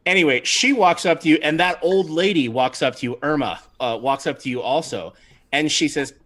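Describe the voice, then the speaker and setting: A man's voice: a little high, moderate pace, fairly bright tone. A man narrating as game master in a tabletop game, rambling and laughing often.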